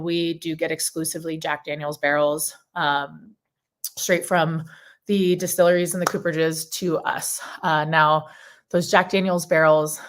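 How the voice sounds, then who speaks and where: Enthusiastic woman presenting a seminar, lowish voice. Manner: enthusiastic and chatty, with frequent ums. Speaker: whiskey brand ambassador giving a presentation.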